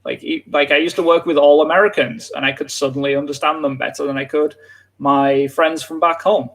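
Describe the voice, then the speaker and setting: Man, teacher, from England, casual live lesson, slightly high voice. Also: steady tone, fairly quick, a bit bright. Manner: casual, lots of filler "like". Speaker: English teacher.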